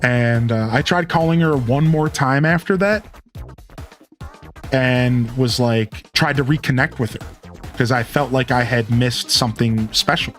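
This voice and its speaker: A man's voice: medium pitch, measured pace, fairly bright tone, faint music behind. A man in his thirties, a live streamer chatting casually while playing a game and telling rambling, candid stories full of restarts. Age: 30s. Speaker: live streamer and show host.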